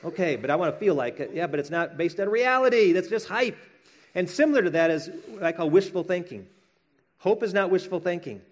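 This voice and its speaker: A man's voice: high voice, expressive, fairly quick. A middle-aged man preaching a sermon in a conversational way, acting out quoted voices with light jokes. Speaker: pastor.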